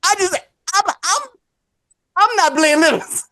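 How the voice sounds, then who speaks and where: Animated high-voiced man storyteller. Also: unhurried, dry recording. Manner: animated, acts out voices in his story, laughs often. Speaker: podcast co-host telling a story. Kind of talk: casual storytelling chat.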